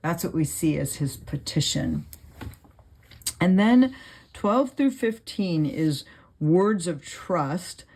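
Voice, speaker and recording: A woman's voice: on the low side, animated, slow, darkish tone, husky. A woman hosting a Bible study channel, reading verses aloud and then explaining them casually, thinking aloud with many fillers as she writes notes.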